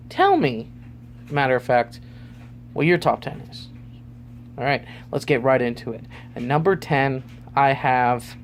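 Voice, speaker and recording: Male vlogger, gravelly, rambling and informal. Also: medium pitch, slight background noise. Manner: rambling, loose, lots of fillers. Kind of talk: casual vlog ranking.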